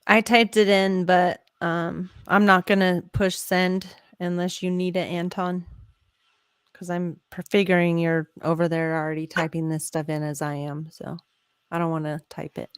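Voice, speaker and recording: A woman's voice: on the low side, flat delivery, moderate pace, clean tone, no echo, clean studio sound. An American woman hosting a casual chat, talking freely, giggling and telling stories. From United States. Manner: chatty, giggly, tells stories with quoted voices. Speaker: host.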